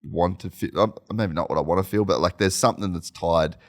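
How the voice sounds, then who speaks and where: A man hosting a podcast in a casual interview, talking in a relaxed way and thinking aloud with lots of filler words. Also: low voice, fairly quick. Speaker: podcast host.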